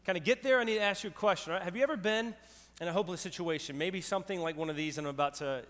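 A middle-aged man preaching a sermon, animated and storytelling, asking the crowd questions. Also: sits high, racing. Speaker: pastor. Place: church hall with live audience. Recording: long hall reverb.

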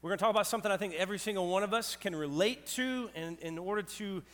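A middle-aged man preaching a sermon, animated and storytelling, asking the crowd questions. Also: high voice, fast. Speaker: pastor. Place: church hall with live audience. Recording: long hall reverb.

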